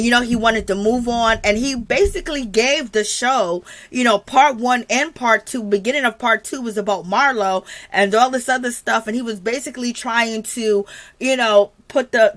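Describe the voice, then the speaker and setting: This commentary channel host is a woman with a fairly high, somewhat bright voice who keeps things chatty and gossipy. Casually recapping, she reads out viewer comments and addresses her audience as "girl."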